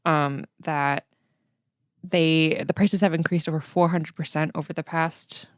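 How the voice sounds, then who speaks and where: A woman's voice: low voice, fairly even intonation, unhurried, no echo, studio quality. A woman co-hosting a business news podcast, recapping stories in a casual way with many fillers. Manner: conversational, frequent "um" fillers. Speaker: podcast co-host.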